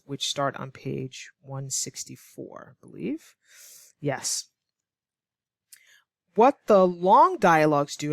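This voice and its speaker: A woman teaching English online, explaining clearly and patiently, now and then acting out example lines to show tone. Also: deep voice, no echo, studio quality. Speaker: ESL teacher.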